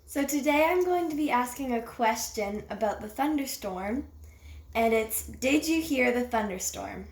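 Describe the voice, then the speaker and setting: Slow, careful young girl teaching writing. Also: a little high, expressive, gravelly. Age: child. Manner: slow, careful, sounding out each word. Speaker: young student leading a writing lesson. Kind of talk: classroom writing lesson for kids. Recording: echoey room, faint noise.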